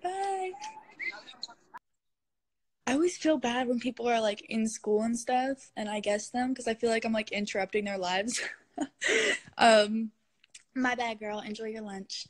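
A woman's voice: a little high, unhurried, long pauses. A young woman chatting with fans on a live stream from her phone, gushing and giggly, sometimes cooing at her cat. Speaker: social media star hosting a live stream.

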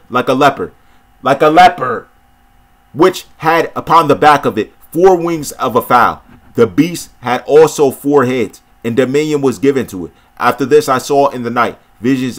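A man reading old-style scripture aloud, now and then breaking off to comment in casual slang. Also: mid-range voice. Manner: reads steadily, breaks off into excited slangy commentary. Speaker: scripture reader and preacher.

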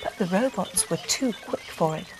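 A woman reading a bedtime story aloud in a gentle, expressive way. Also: medium pitch, normal speed.

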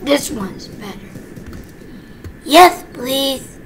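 A woman with a very high, squeaky voice commentates on her own gameplay at an unhurried pace. She squeals and shouts when excited and drops to whispered asides. Clear background noise runs under the recording. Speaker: gaming channel host. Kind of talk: game commentary.

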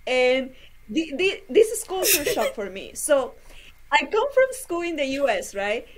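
A young woman hosting a casual interview, chatty and soft-spoken when asking questions. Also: sits high, sing-song, measured pace. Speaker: podcast host.

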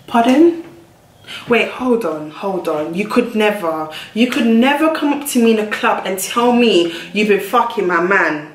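A woman's voice: medium pitch, animated, normal speed, hardly any pauses, slight background noise. A woman telling a storytime vlog, blunt and profane, full of street slang. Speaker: vlogger. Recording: echoey room.

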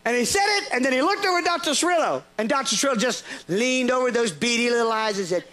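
High bright-voiced preacher telling a story. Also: male voice, fast. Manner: animated, laughing storyteller with restarts. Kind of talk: sermon storytelling.

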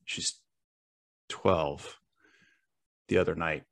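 Low-voiced reflective male podcast host. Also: steady tone, creaky, fairly bright tone. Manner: reflective, halting, searches for words. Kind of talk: reflective conversational interview.

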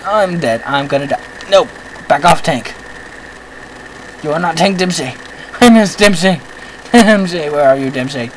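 A man hosting a let's-play, giving excitable commentary, often yelping at the game, with self-mocking rambling asides. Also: a little high, takes it slowly, pauses often, slight background noise, poor audio. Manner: excitable, yelps and shouts at the game. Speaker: gaming channel host.

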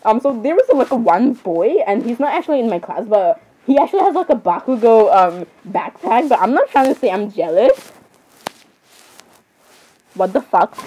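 A woman's voice: on the high side, very animated, normal speed, mellow, husky, poor audio. A teenage girl casually reacting and commenting, rambling and saying sorry over and over with giggles. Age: teens. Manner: chatty, rambling, keeps apologizing with giggles.

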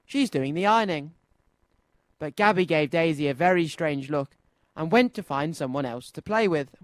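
Lively male children's radio storyteller. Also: a little high, normal speed, dry recording. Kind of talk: storybook read-aloud. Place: radio studio.

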